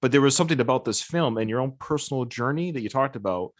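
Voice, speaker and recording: A man's voice: medium pitch, animated, fast talker. A man hosting a podcast interview, talking with enthusiasm and rambling through restarts and asides. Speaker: podcast host.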